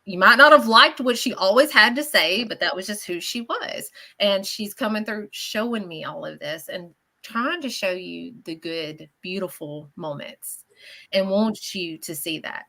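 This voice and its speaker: Lady medium doing live readings, bright voice, animated, keeps saying okay?. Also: medium pitch, measured pace. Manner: chatty and animated, often checking in with "okay?". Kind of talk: live radio show reading.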